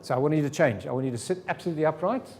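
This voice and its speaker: A man's voice: on the high side, rapid-fire, vocal fry, darkish tone, a little hiss or hum. A man teaching a sales seminar to a live audience, firing rhetorical questions at the room. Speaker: sales trainer.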